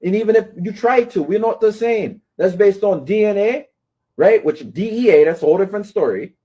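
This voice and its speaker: A man's voice: high voice, animated, fairly quick, mellow, husky. A man ranting at his critics, scolding and taunting them and often asking "right?". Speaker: commentator. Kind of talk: confrontational rant to camera.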